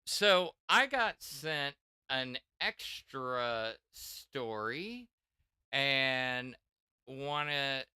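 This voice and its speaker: A man's voice: mid-range voice, expressive, extremely slow, bright, forceful tone, clear, resonant tone, no room sound, clean studio sound. A middle-aged man hosting a casual tech chat, rambling with many restarts and fillers. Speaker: podcast host.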